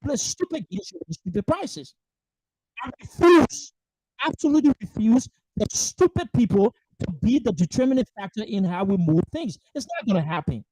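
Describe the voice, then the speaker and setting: A furious political host speaking on a livestream, voice pitched in an ordinary middle range. The delivery is emphatic and profane, full of repeated rhetorical questions. The sound is close and dry, with no room around it. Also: big pitch swings, moderate pace, mellow, no echo, poor audio. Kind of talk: angry political monologue. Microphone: livestream microphone.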